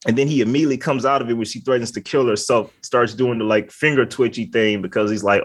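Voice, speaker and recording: A man's voice: medium pitch, fairly even intonation, quick pace, hardly any pauses, slightly rough. A man co-hosting a casual podcast chat, rambling and filling his talk with "like" while laughing often. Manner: rambling, heavy on filler words, laughs often. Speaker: podcast co-host.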